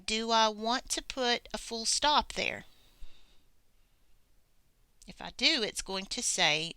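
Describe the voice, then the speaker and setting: A woman teaching a recorded grammar lesson, reading examples slowly and deliberately, with soft breathy asides. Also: mid-range voice, dry recording. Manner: slow, deliberate, reads examples aloud with pauses.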